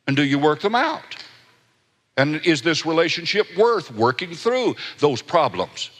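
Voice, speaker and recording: A man's voice: a little high, big pitch swings, measured pace, a bit bright. A man preaching a sermon in a folksy storytelling manner, with asides and rhetorical questions. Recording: echoey hall.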